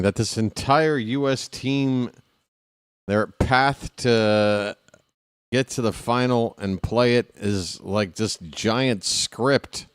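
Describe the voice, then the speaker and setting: A man calls a ballgame as a fan play-by-play commentator, taking his time between pitches and tossing in dry, wry asides. His voice is smooth and clear, recorded close and dry with no room sound. On big hits he erupts into excited shouting. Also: no room sound.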